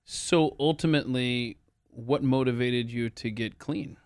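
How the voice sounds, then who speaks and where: A man's voice: mid-range voice, measured pace, a little mellow, clear, resonant tone, no room sound, clean studio sound. A man interviewing a guest, asking curious follow-up questions. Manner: curious, reactive. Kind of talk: casual interview.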